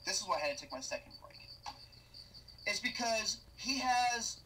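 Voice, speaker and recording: Young man in a bright, swearing rant. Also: sits high, big pitch swings, moderate pace, slightly rough, poor audio. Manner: loud, exasperated, heavy swearing. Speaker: movie reviewer. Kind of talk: profane comedic movie rant.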